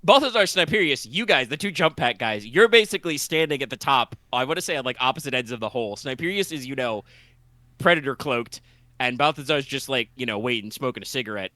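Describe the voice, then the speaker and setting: A man running a tabletop game, his voice bright and forward as he rambles through the scene with plenty of ums and restarts. The sound is dry and close, with almost no room around it. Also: medium pitch, expressive, fast, no room sound. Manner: rambling, loose, full of fillers and restarts. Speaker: game master.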